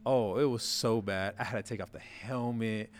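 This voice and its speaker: A young man, a podcast guest and former quarterback, telling stories in a self-mocking, animated way and laughing as he goes. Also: fairly low pitch, normal speed. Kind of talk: casual storytelling.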